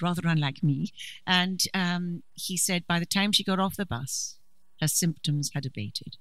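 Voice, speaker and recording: A middle-aged woman giving a preaching talk at a conference, a lively storyteller with dry humour. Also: low voice, normal speed, dry recording, rough recording. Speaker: conference speaker.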